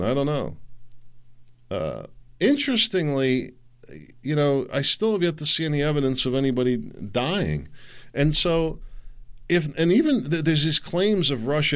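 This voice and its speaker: Middle-aged male podcast host, solo casual monologue, rambling and wry, pitch leaps around a lot. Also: fairly bright tone. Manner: rambling, wry, chuckles at his own jokes.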